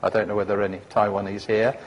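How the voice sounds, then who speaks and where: A man's voice: on the low side, level tone, very fast, breathy edge. A man giving a conference talk about founding a company, rambling and anecdotal, full of fillers and restarts.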